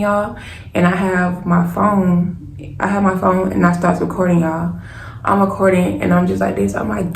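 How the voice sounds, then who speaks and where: A young woman, telling a personal story to her viewers in a lively, casual way and calling them y'all. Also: fairly low pitch, gravelly. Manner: animated, keeps addressing viewers as y'all. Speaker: storytime vlogger. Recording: echoey room with faint hiss.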